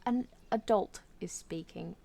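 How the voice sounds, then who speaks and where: A woman's voice: lowish voice, gravelly, warm tone, a little hiss or hum. Australian woman doing Sharper, a gloating villain bird. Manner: theatrical, sneering, slow and grand. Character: pompous villainous old male bird, gloating and cruel.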